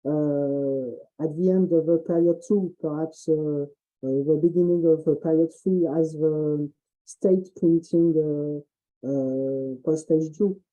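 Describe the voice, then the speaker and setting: Halting French-accented man, dark voice. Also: a little high, fairly even intonation, highs cut off. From France. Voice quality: halting, many fillers and restarts. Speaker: presenting expert. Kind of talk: online presentation and Q&A.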